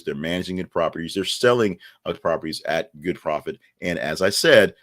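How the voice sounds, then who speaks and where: A low-voiced man hosting a casual news podcast. He talks in a chatty, wry way and drifts into offhand asides. He often restarts his sentences midway. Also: fairly bright tone. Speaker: podcast host.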